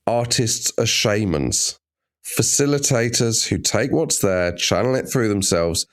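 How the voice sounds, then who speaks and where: A man's voice: on the low side, animated, a little slow. A man co-hosting a podcast, chatting in a wry, joking way and swearing freely. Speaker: podcast co-host. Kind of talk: casual comedic chat.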